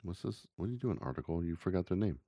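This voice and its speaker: A man's voice: deep voice, lively intonation, fast talker, warm tone, no echo, studio quality. A man hosting a casual podcast, rambling and joking as he reads the news. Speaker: podcast host.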